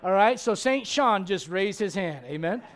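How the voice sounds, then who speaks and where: A man in his forties preaching a sermon in a church, animated and joking with the congregation between Bible readings. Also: high voice, normal speed. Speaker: pastor.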